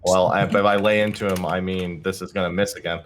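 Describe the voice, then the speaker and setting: A man's voice: deep voice, flat delivery, a little fast, faint music behind. A man playing a tabletop game over a call, hesitant and self-deprecating, often restarting his sentences. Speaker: player. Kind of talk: casual tabletop play.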